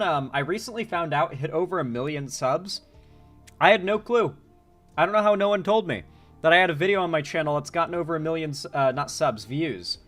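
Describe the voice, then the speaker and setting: A man with a slightly raised pitch hosts a live political commentary stream, reading chat aloud and answering it. His voice jumps all over as he jokes and swears casually, with faint music playing behind him. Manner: animated, joking, swears casually.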